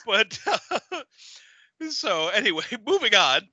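Bright, high-voiced laughing man. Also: big pitch swings, slow, no echo. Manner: laughing, retelling scenes with quoted lines. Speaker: podcast co-host. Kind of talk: casual comedic film recap.

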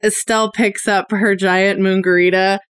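A woman's voice: mid-range voice, little pitch movement, normal speed, clean tone, no echo, studio quality. A woman playing a tabletop game who describes her character's actions. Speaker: player.

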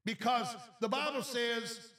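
A preacher with a high voice delivers a live broadcast sermon, urging listeners on and repeating his points. He slips in playful asides. The sound is roomy and picked up from a distance. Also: slow pace, bright, forceful tone. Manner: exhorting, repetitive, joking asides to listeners.

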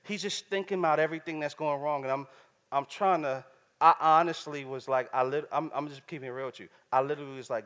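A man's voice: on the high side, quick pace, fairly bright tone, big-room sound. A man preaching a sermon in a casual, slangy, conversational way, often checking in with the crowd.

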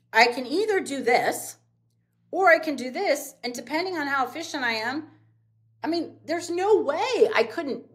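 A middle-aged woman, a business owner guest on a podcast, telling casual stories and acting out quotes with big jumps in pitch. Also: a bit bright. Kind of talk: casual storytelling in an interview.

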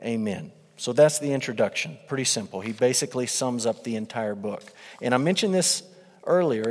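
A man preaching a sermon, teaching through a Bible passage in an animated way as he reads verses aloud and acts out quotes. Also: medium pitch. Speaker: pastor. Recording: long hall reverb.

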